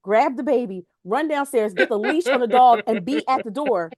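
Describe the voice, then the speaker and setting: A woman's voice: on the high side, animated, normal speed, a little mellow. A woman from Pennsylvania co-hosting a podcast, telling stories animatedly in casual chat and laughing often. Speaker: podcast co-host.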